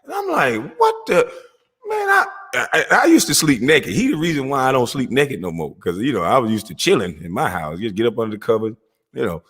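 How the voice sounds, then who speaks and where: A middle-aged man telling a comic story about his family, profane and animated, laughing often. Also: on the low side, fast. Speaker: vlogger. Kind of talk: comedic storytelling monologue. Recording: long echoey reverb.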